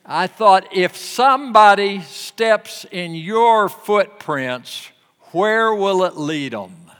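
An older man preaching a sermon, telling folksy stories slowly and lifting his voice on the lines he quotes. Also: a little high, fairly bright tone, long reverb tail. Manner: slow, folksy storytelling with rising emphasis on quoted lines.

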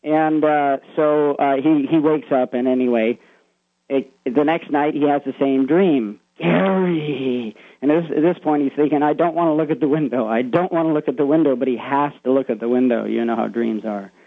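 A man's voice: mid-range voice, fairly quick, dry recording. A man calling into a radio show, retelling a secondhand ghost story in a rambling way and putting on spooky voices for the quotes. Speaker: caller. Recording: thin, tinny phone line.

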